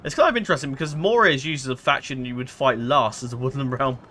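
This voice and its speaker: A man's voice: medium pitch, fast talker, bright, forceful tone, slight background noise. A man giving casual let's-play commentary, rambling and hesitant, full of fillers and self-corrections. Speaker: gameplay commentator.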